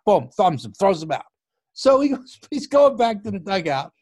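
Male interview guest, animated anecdote teller, slightly high register. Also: moderate pace, dry recording, clean studio sound. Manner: lively storyteller who gets louder and higher as the story builds, with frequent restarts. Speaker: guest, former baseball TV broadcast producer.

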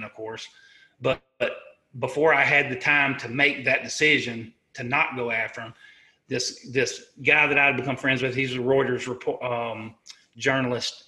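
Bright-voiced man, earnest and halting. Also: mid-range voice. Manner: earnest and halting, with frequent restarts and self-corrections. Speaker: interview guest, army sergeant. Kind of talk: recounting a personal war story.

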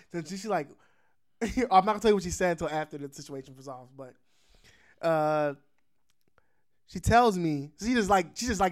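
A man hosting a podcast, telling a story in casual chat, animated and swearing, laughing often. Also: fairly high pitch. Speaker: podcast host.

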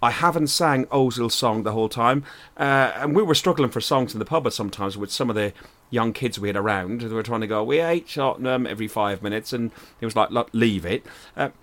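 A man hosting a casual podcast chat, forceful and swearing as he steers the talk. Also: mid-range voice, fast. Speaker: podcast host.

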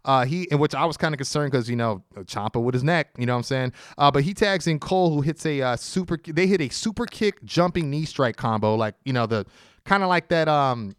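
Man, podcast co-host, clear resonant voice, mid pitch, chatty recap with lots of fillers, dry close sound. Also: expressive, a little fast, no room sound. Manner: detailed play-by-play recap with many "uh" fillers. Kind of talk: casual wrestling podcast chat.

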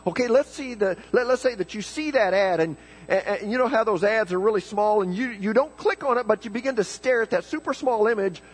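A man's voice: high voice, a little fast, breathy edge, faint music behind, rough recording. A man preaching a folksy, joking sermon in church, often repeating words as he starts a thought. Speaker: pastor.

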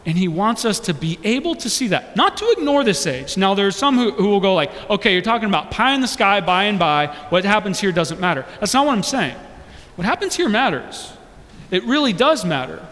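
A man's voice: high-pitched, sing-song, quick pace, few pauses, fairly bright tone. A young man preaching a sermon, earnestly asking the congregation question after question. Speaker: pastor. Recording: long hall reverb.

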